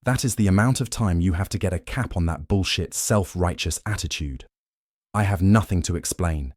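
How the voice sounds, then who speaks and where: A man's voice: low voice, normal speed, darkish tone, no room sound, clean studio sound. A man voicing a fierce young werewolf leader's mate, a woman with a cold, cutting and scornful way of speaking. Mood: bitter.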